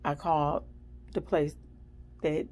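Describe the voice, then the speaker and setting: A woman's voice: low-pitched, slow pace, rough recording. A woman vlogger chatting casually and animatedly as she tells a story. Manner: chatty, animated, acts out the people in her story.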